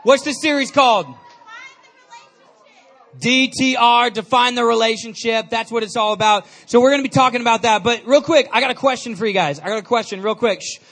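A man giving an energetic storytelling sermon to a live audience, chatty and calling out questions to the crowd. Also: very high voice, brisk. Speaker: youth speaker.

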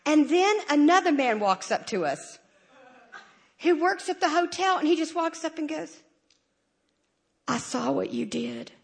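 A woman giving a lively, humorous church testimony and acting out the dialogue as she goes. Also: sits high, measured pace, gravelly, pauses often. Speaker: church speaker sharing a testimony. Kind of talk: animated storytelling testimony.

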